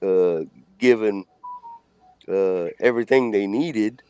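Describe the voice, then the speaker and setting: A man from Louisiana, a guest on a casual live stream, who talks haltingly with many fillers. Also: lowish voice, darkish tone, clean tone, dry recording.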